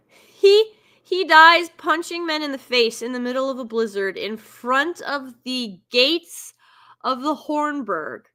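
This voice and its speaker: Bright-voiced sarcastic woman reviewer. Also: high-pitched. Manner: sarcastic, exasperated ranting. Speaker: film reviewer. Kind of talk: casual film reaction commentary.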